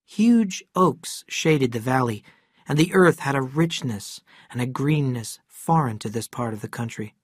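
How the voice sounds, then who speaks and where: A reader narrating a simplified story for English learners, slow and deliberate, quieter on the narration. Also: medium pitch, expressive, husky, no echo, clean studio sound.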